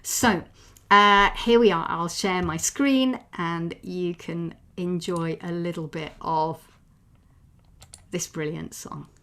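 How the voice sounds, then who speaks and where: A woman's voice: lowish voice, slow pace, a bit bright. A woman giving an online talk on a video call, explaining songs and singing wordless melodies to teach them. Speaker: presenter of a song talk. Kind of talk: online talk with sung demonstrations.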